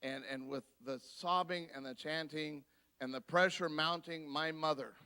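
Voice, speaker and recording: A guest speaker at a church gives a sermon, animatedly recounting a personal story and voicing the people in it. His tone is clean, his pitch fairly high, and he talks at a normal speed.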